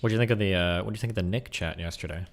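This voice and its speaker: A man co-hosting a casual stream chat, thinking out loud in a rambling, speculative way. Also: sits low, rapid-fire. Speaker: stream co-host.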